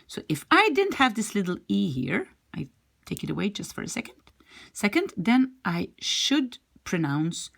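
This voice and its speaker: A woman's voice: fairly low pitch, creaky. A woman teaching a language lesson, explaining patiently, repeating examples step by step, with Dutch as her first language.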